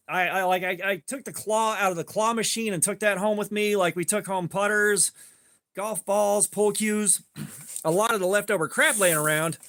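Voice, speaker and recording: A man streaming live, telling a rambling, profane story in a casual way and getting animated when he quotes people. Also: high voice. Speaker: livestream host.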